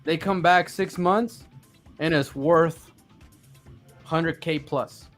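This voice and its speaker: A man chatting casually on a live audio space, animated and mocking complainers in put-on voices. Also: on the high side, takes it slowly, soft background music. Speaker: crypto project team member.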